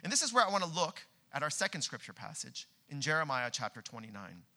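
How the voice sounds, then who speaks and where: A young adult man preaching a sermon in a church, telling a personal story with earnest delivery that climbs to loud, animated peaks. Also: a little high, quick pace. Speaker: pastor.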